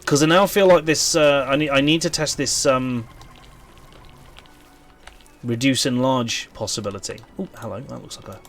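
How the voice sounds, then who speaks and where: A Welsh man talks casually to his stream audience while playing, thinking aloud and wandering between topics. His voice sits at a middling pitch, and he fills the pauses with ums and restarts. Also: fairly even intonation, a bit bright. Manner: chatty, rambling, thinks aloud with many ums. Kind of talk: casual live-stream chat while gaming.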